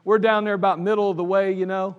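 A man with an Ohio accent, a pastor telling his church's history in an anniversary sermon, animated and laughing at his own stories. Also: high voice, quick pace, lo-fi sound. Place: church sanctuary. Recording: church service recording with long hall reverb.

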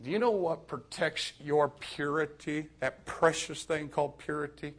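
A man preaching a youth sermon, moving from quiet confiding to sudden shouted emphasis. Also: a little high, fairly even intonation, measured pace.

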